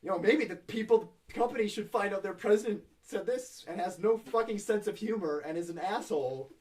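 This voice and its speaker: A man's voice: sits high, fairly quick, recorded from a distance. A young man co-hosting a podcast, telling stories in casual chat and acting out the people in them. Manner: animated, acts out people in his stories. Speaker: podcast co-host.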